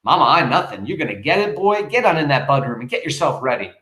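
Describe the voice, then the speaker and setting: A man's voice: mid-range voice, sing-song, fast talker, sharp tone. A man reading the part of a weary but hopeful young wife and mother, in a roomy space. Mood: stern.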